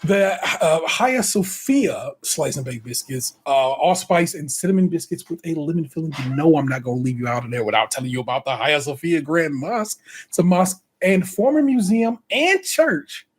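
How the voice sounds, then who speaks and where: A man's voice: a little high, lively intonation, moderate pace, breathy edge. A man co-hosting a podcast, running through notes in casual, slang-heavy banter and laughing often. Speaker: podcast co-host. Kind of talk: casual chat.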